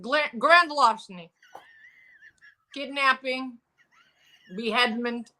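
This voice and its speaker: A woman co-hosting a comedic talk show as Svetlana, a brash Eastern European woman, in a put-on Russian accent with deadpan, broken English. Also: high-pitched, slow, full character voice. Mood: deadpan blunt. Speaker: co-host.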